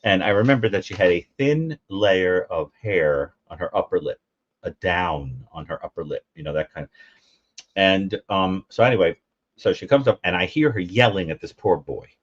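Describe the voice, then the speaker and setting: A man's voice: low-pitched, moderate pace, lo-fi sound. A man co-hosting a call-in show, telling funny stories in casual chat and mimicking the people in them. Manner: animated storyteller, mimics voices, laughs often. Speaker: co-host.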